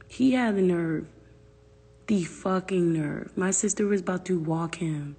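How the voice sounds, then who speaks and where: A woman's voice: fairly low pitch, a little slow, vocal fry, dark tone, husky, long reverb tail. A woman venting on a phone livestream, exasperated and profane, often dropping into whispered asides.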